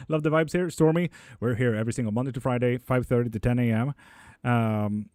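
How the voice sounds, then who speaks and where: A young man chats loosely on a home live stream, reading viewer messages aloud and swearing freely as he jokes along. His voice sits at an ordinary male pitch, and the sound is dry and close. Soft music plays faintly behind him. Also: moderate pace, pauses often, no room sound. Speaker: streamer giving tarot readings. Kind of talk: casual live-stream chat.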